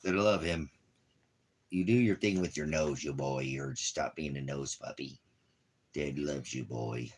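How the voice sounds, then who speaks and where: A man's voice: rumbling low, a little slow, breathy edge. A man on a casual live stream, talking to his puppy in rambling, playful, affectionate baby talk.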